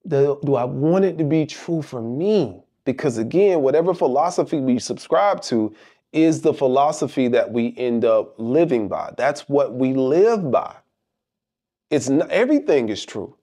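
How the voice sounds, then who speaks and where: A man's voice: medium pitch, lively intonation, moderate pace, mellow. A middle-aged man giving a motivational monologue, emphatic and rhetorical, repeating phrases for effect. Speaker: motivational speaker.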